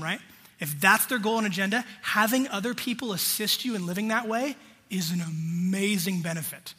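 A man delivers a sermon in a hall with a long, ringing reverb. His voice sits high and bright, with a husky edge. He talks to the congregation in a direct, conversational way. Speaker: pastor.

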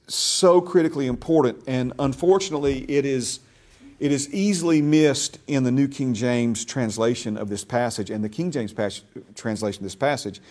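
A man's voice: on the high side, a little mellow. A man teaching a discipleship class, reading scripture aloud and stressing key phrases with emphatic repetition. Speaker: bible teacher.

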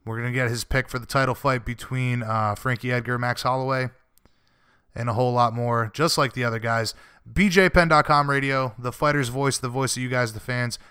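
A male radio host keeps the talk easygoing and friendly, calling his guests buddy and brother. His voice is bright and smooth, with a dry, close sound. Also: mid-range voice, steady tone, brisk, no room sound. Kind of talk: casual radio interview and show links.

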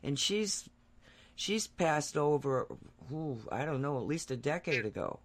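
A woman's voice: deep voice, big pitch swings, measured pace. A woman hosting a spiritual radio show, chatty and self-deprecating, asking her guest open questions. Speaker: radio host. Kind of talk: casual interview chat.

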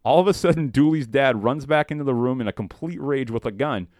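A man hosting a podcast, reading a dark comedic story aloud with animated quoted voices and laughing at his own jokes. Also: mid-range voice, brisk, no room sound, studio quality.

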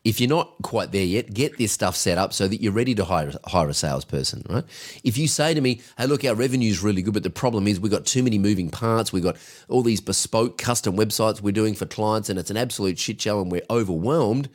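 A man's voice: fairly low pitch, lively intonation, fairly quick. A man co-hosting a business podcast, coaching in an emphatic, directive way. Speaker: podcast co-host, agency coach.

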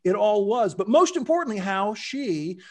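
A man with a notably high voice recounts a story in a relaxed, conversational way. He springs into little acted-out quotes, and his voice leaps up and down as he does. The delivery is lively and expressive throughout. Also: normal speed. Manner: animated, acts out quotes with big pitch jumps. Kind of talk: casual storytelling.

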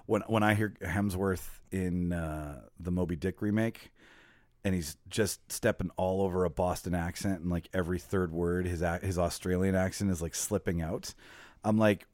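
A man with a deep, low voice hosts a casual movie debate podcast. He presses the others with pointed questions and calls himself a snob about films. The sound is close and dry, with no room around it. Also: steady tone, moderate pace, darkish tone, dry recording. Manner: pushy, questioning, self-described movie snob. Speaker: podcast host.

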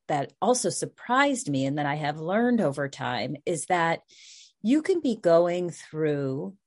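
Give me a middle-aged woman whose voice sits very low. She speaks softly and earnestly as a guest in a reflective conversation, and she pauses and restarts as she searches for words. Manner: soft-spoken, earnest, with frequent restarts.

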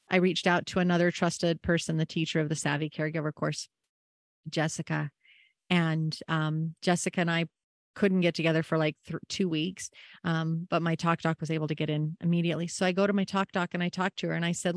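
Woman, podcast host, personal storytelling, earnest and reflective, lowish voice, dry close sound. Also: no room sound. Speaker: podcast host and family caregiver.

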